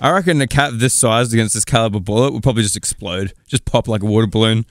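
A man doing loud, excitable improvised comedy role-play, often shouting. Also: lowish voice, quick pace, hardly any pauses, very noisy. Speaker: comedy gamer.

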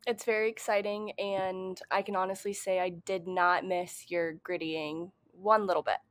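A woman's voice: lowish voice, level tone, normal speed, dry recording. Dry, teasing woman co-host. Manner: short dry replies, teasing. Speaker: podcast co-host. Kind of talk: casual chat.

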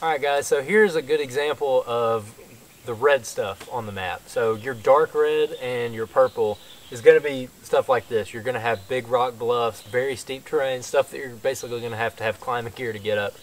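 A man hosting a hunting channel, giving a steady, casual explanation of terrain while outdoors at the base of a rock bluff. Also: mid-range voice, moderate pace. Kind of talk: field scouting explanation.

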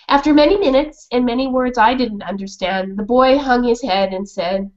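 A woman's voice: fairly high pitch, moderate pace, few pauses, muffled recording. A woman children's author reading her story and asking a class questions, heard over a video call.

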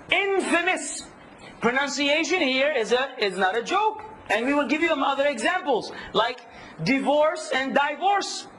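A man teaching a workshop, lively, quizzing his audience and acting out hecklers. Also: very high voice, slight background noise, rough recording. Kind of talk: workshop lecture.

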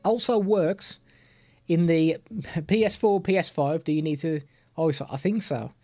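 Man, live-stream gadget demo, mellow tone, chatty, self-deprecating, studio mic. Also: on the high side, measured pace. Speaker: streamer reviewing products. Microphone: studio microphone.

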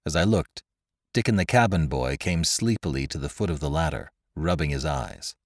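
A man reading an adventure story aloud as narrator, with expressive, dramatic delivery. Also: extremely low pitch, normal speed, no room sound, clean studio sound. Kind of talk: scripted narration.

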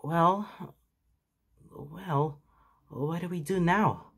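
A man voicing an anxious, earnest teenage boy hero in a fan fiction reading, raising his voice high and strained. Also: very slow, vocal fry, fairly bright tone, husky, heavily acted. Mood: nervous.

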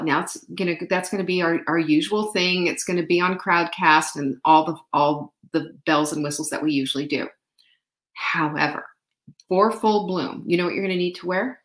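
A middle-aged woman hosts a live online show, talking straight to her viewers in a chatty, upbeat, rambling way. Her voice sits a little low, and a roomy echo hangs around it. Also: a bit bright. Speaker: host. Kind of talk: live-stream chat with viewers.

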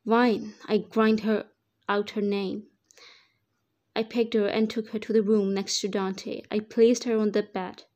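A woman narrates a first-person story at a steady pace, her voice dark and mellow. She now and then trips and corrects a word. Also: medium pitch, unhurried, dull audio. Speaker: fan fiction reader.

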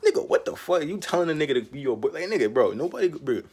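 Fast-talking young man with a husky voice. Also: on the high side. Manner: profane, repetitive, animated street slang; laughs often mid-rant. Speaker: vlogger. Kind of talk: casual rant to camera.

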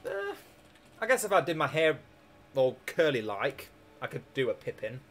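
A man's voice: mid-range voice, huge pitch swings, normal speed, a bit bright. A young Scottish man with a sore throat, chatting casually and joking while streaming a strategy game. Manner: rambling, chatty, jokey, laughs often. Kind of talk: casual live-stream chat.

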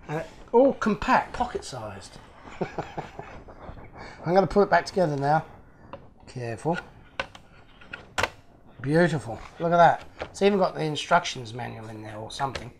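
A man's voice: fairly high pitch, a bit bright, a little hiss or hum. A man hosting his own channel, chatting casually and with delight as he unboxes fan mail, chuckling often.

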